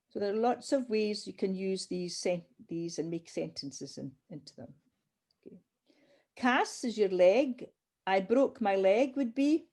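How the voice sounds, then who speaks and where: A woman's voice: mid-range voice, lively intonation, unhurried, warm tone. A woman teaching a language class, patiently drilling pronunciation and calling on learners by name. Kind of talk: online group language class.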